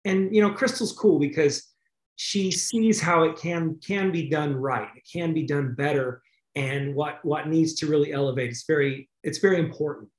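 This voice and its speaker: A man's voice: on the high side, moderate pace, echoey room. A man hosting a video call, talking in a rambling, grateful way. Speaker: host. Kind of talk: casual video call chat.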